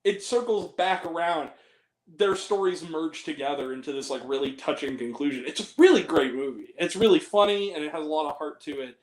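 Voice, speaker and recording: Male host, high register, animated and profane in loose film talk. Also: a little fast. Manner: animated, rambling, swears freely. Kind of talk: casual movie chat.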